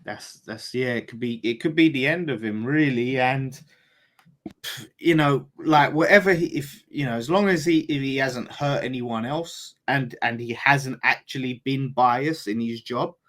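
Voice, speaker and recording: A man chatting casually about football, informal, dropping to mutters then rising to loud emphasis. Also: mid-range voice, a little slow. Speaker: podcast pundit.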